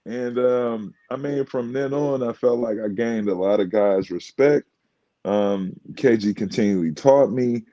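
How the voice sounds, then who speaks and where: A man with a dark, mellow voice tells stories from his playing days in loose, animated bursts and often breaks into laughter. The sound is a little dull, like a remote call. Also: mid-range voice, measured pace. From United States. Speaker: guest, former pro basketball player. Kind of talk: casual storytelling in a podcast chat.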